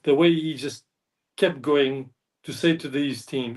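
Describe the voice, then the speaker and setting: A man's voice: fairly high pitch, measured pace, darkish tone. A man chatting as a fan panelist, rambling, often correcting himself and apologising. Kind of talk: casual chat. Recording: distant mic.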